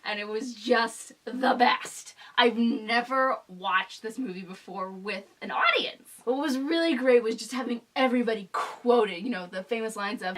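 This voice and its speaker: A woman's voice: fairly high pitch, moderate pace, hardly any pauses, fairly bright tone. A young woman telling a storytime vlog with bubbly, gushing enthusiasm. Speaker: vlogger.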